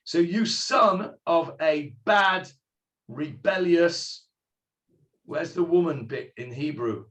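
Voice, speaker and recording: Slow-paced man teaching a Bible class. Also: a little high, animated, fairly bright tone. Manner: explains slowly, quotes figures in character, asks students questions. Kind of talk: text study class.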